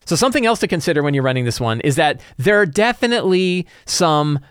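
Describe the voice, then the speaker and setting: A man hosting a podcast, talking casually and loosely about running a tabletop campaign, with frequent quick asides. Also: a little high, very animated, clear, resonant tone, no echo, studio quality. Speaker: podcast host and game master.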